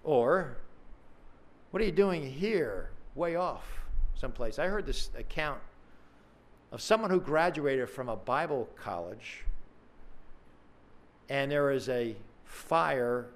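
A man's voice: mid-range voice, takes it slowly, long pauses. A man preaching a sermon in a conversational, earnest way, acting out questions with dramatic emphasis.

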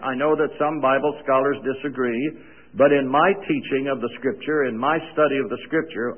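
A man teaching a Bible study, measured and repeating key points so listeners can take notes. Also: on the high side. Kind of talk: sermon teaching. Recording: tinny phone-like old recording.

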